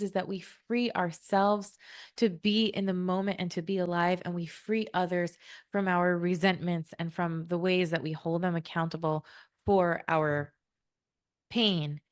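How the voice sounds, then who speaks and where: A woman talks on a podcast in an earnest, reflective tone, and her sentences run long and flowing. She speaks as someone who counsels parents, at a middling pitch. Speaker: podcast co-host, works with parents. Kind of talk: reflective conversational podcast talk.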